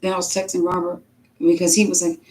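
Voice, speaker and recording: A woman who reads scripture aloud and then tells emphatic, lively stories as a livestream preacher. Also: fairly low pitch, fast, rough recording. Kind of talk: scripture reading and casual testimony.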